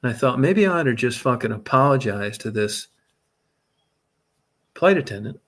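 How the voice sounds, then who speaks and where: Profane, animated storytelling man. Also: mid-range voice, normal speed. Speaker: guest telling a story. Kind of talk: casual storytelling.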